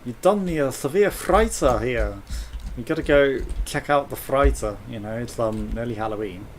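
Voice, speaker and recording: A man's voice: medium pitch, animated, moderate pace, slight background noise. A British man commentating a space game, reading its text aloud with jokes and swearing. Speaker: let's play host.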